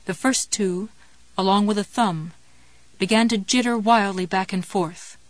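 A woman reading a grim novel aloud in a measured, steady storytelling manner. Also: mid-range voice, no echo. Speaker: audiobook narrator. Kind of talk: scripted narration of a horror novel.

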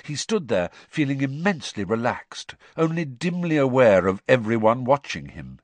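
A man narrating an audiobook in an expressive storytelling manner. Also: mid-range voice, normal speed, no echo. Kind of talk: scripted narration.

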